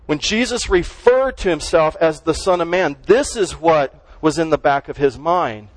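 A man's voice: on the high side, lively intonation, normal speed, no room sound, low-quality recording. A man preaching a sermon as pastor, conversational and emphatic, full of rhetorical questions.

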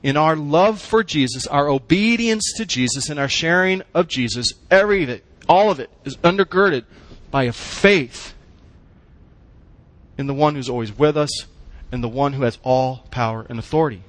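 A man's voice: on the high side, normal speed, no echo. A man preaching a sermon, emphatic, using short punchy phrases and asking the congregation questions. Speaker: pastor.

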